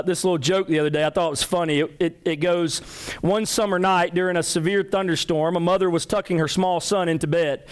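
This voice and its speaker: Animated, higher-voiced male preacher. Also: clean tone. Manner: animated storytelling with acted-out quotes. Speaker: pastor. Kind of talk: sermon.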